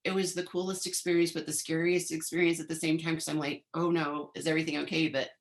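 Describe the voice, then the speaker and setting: A woman's voice: low voice, flat delivery, fast. A woman in her fifties, a guest on an interview podcast, telling a long story in a chatty way and often replaying what she said back then. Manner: chatty, replays her own past lines in quotes. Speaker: interview guest, former bodybuilder.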